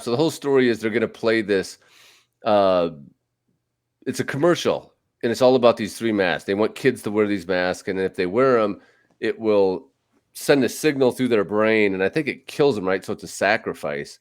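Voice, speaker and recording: A man with a fairly low voice hosts a casual podcast chat. He rambles along, restarting sentences and dropping in fillers. His delivery stays loose and conversational. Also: moderate pace, clean tone. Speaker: podcast host. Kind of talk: casual chat about movies.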